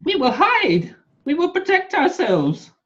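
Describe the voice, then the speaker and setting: A man voicing a proud, stubborn little kobold in a squeaky, sing-song high voice. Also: wildly swooping pitch, a little slow, fairly bright tone, highs cut off, heavily acted. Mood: defiant. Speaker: game master.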